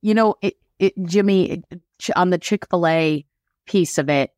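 A woman with a fairly low voice, recorded close and dry. She makes her points emphatically. She stacks up one question after another. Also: darkish tone, no room sound. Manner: emphatic, talks in rapid questions. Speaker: mortgage branch leader. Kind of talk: podcast discussion.

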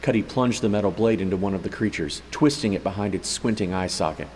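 A man narrating a story in a steady, even way, as an audiobook reader. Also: low voice, fast talker, in a large hall, a little hiss or hum, low-quality recording. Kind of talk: scripted narration.

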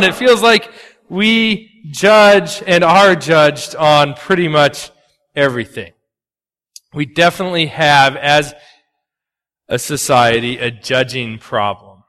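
A man delivers a sermon in a chatty, lively way, punching up jokes and then dropping low and earnest. His voice is fairly high and sharp-edged. It carries a long reverb from a church sanctuary. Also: takes it slowly. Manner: animated, conversational, swings between loud punchy asides and quiet earnest lows. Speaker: pastor.

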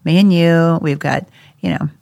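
Low-voiced woman, animated storyteller. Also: moderate pace, gravelly, no echo. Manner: animated storyteller, acts out quotes, laughs often. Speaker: adoptive mother guest. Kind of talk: casual storytelling chat.

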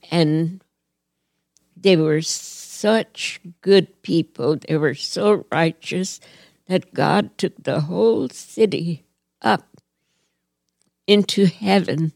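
An older woman from Hawaii recalls her childhood in an unhurried, earnest way, each phrase given plenty of room. Her low voice carries a gravelly texture. The recording is dry and close. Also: no room sound. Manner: slow, earnest, gently reflective telling. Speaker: storyteller. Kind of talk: personal reminiscence.

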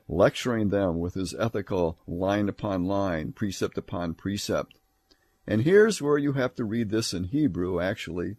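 A man's voice: lowish voice, a little mellow. An older man giving an academic Bible lecture. He reads passages aloud and explains them, sometimes mimicking a sarcastic tone in quoted lines. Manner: reads scripture aloud, then explains it plainly.

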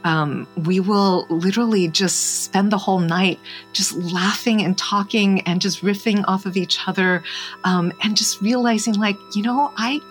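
A married woman guest in an interview, speaking earnestly and reflectively, often pausing and restarting with fillers. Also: medium pitch, faint music behind. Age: adult, married. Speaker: podcast guest.

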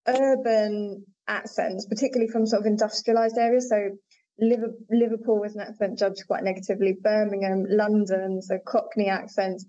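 A woman's voice: mid-range voice, mellow. A woman linguistics researcher, a podcast guest, explaining in an articulate, conversational way with frequent fillers. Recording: dull lo-fi audio.

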